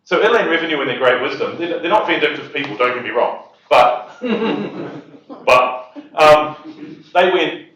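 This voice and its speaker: At a property investors' event, a man with a mid-range, fairly bright voice tells a humorous story at normal speed and chuckles at his own punchlines. The distant mic picks him up in an echoey hall, and the sound is dull.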